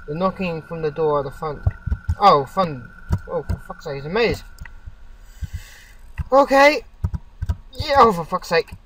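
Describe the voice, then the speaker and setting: A woman's voice: on the low side, animated, unhurried, pauses often, a bit bright, distant mic, slight background noise, low-quality recording. Woman swearing through game commentary. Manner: swears freely, laughs, stumbles over names. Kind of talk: casual let's-play commentary, reading game dialogue aloud.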